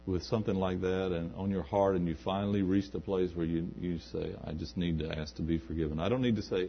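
A man's voice: low-pitched, slight background noise. A man preaching a sermon in a church, building to emphatic peaks and acting out quoted asides. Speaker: pastor. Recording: dull lo-fi recording.

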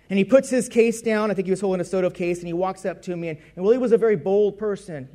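A man's voice: high-pitched, fast talker, few pauses, mellow. A man preaching a personal testimony sermon, telling his story in a conversational way and correcting himself as he goes.

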